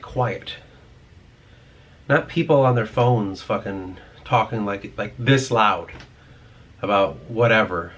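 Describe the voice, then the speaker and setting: A man's voice: medium pitch, fairly bright tone, slight background noise. A man vlogging in a rambling, profane, ranting monologue.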